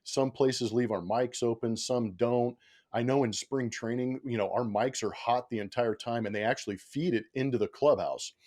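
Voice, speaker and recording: A man's voice: medium pitch, normal speed. A man in his podcast-guest role, telling a baseball story in loose, casual chat. His voice sits in the middle register, and he slips into quoted voices and laughs as he goes. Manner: animated storyteller, acts out quotes, laughs often.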